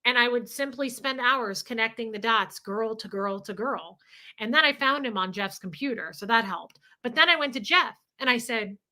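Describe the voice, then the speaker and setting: A woman's voice: on the high side, normal speed, sharp tone. A woman hosting a livestream, talking candidly and emotionally, swearing freely as she reads viewer comments. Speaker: livestream host.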